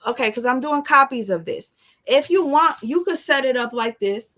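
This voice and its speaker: A woman's voice: high-pitched, animated, normal speed, fairly bright tone. A young woman, chatting casually and emphatically on a livestream as an artist, with motivational asides.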